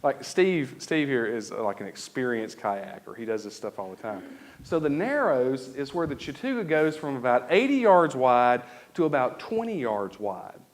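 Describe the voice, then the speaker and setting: A man, preaching a sermon and telling a story with lively, acted-out moments. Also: mid-range voice, moderate pace. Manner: animated storytelling with laughs and acted-out shouts. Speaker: pastor. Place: church sanctuary.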